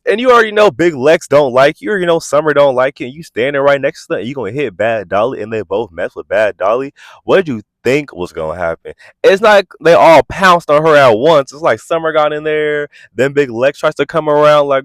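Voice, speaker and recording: Animated, sassy man reviewing reality TV. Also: fairly high pitch, normal speed, dry recording. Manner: animated, incredulous, sassy, keeps asking "are you serious". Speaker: reality TV reviewer, channel host. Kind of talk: casual commentary vlog.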